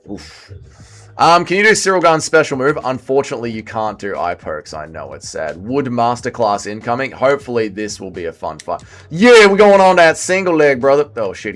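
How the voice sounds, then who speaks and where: A man in his thirties bantering on a gaming livestream. His pitch swings widely as he jokes, reads chat messages aloud and hypes up his own moves. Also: fairly bright tone. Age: 30s. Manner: banter, reading chat aloud while playing. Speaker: streamer. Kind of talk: casual livestream gaming commentary.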